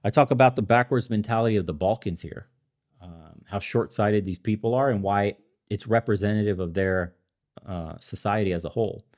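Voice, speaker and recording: This man's voice sits on the low side and is a little mellow as he hosts a podcast in the Balkans. An immigrant to America, he launches into profane, ranting commentary with heavy swearing and heated outbursts, occasionally laughing at himself.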